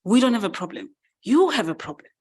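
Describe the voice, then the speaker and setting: A woman's voice: low-pitched, a little slow. A woman voicing a laid-back, unbothered male cow who waves off the worry. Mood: dismissive.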